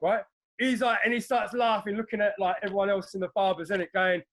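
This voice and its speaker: A man's voice: sits high, level tone, fast talker, fairly bright tone. A man telling a blunt, sweary story in casual podcast talk. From Turkish background. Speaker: podcast co-host.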